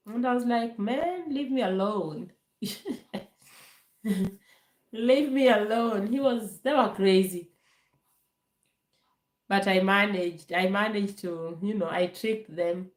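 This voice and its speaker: Woman vlogger, slow and animated, telling stories in a live Q&A, echoey room. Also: medium pitch. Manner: chatty, animated, acts out voices in quotes, many fillers. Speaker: vlogger answering viewer questions. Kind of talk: casual live Q&A storytelling.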